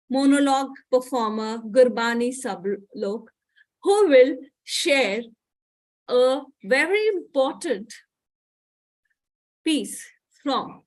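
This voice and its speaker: A woman hosting a student performance event, effusive and heaping praise on performers. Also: high voice. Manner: effusive, piles on praise words. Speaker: event host. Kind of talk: introducing performers.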